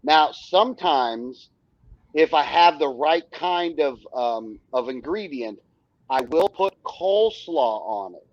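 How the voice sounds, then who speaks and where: A man's voice: a little high, expressive, takes it slowly, dry recording, highs cut off. A male co-host chatting casually, often restarting and repeating words. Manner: hesitant, repeats words while agreeing. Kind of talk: casual chat.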